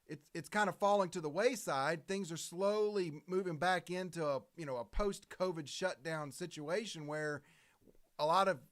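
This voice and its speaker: A man with a high, light voice co-hosts a political talk show. He talks in long rambling stretches, stumbling and restarting his sentences as he goes. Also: a bit bright. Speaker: co-host.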